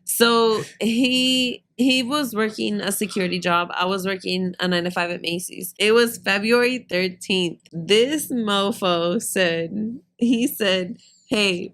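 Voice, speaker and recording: A woman telling a story in casual podcast chat, blunt and animated, acting out what people said. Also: medium pitch, a little slow. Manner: blunt, animated, laughing, acts out dialogue. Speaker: podcast guest.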